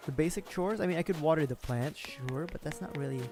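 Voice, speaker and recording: A man's voice: on the high side, fairly quick. A man chatting casually through a gaming livestream, rambling and correcting himself, often chuckling. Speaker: streamer. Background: game music.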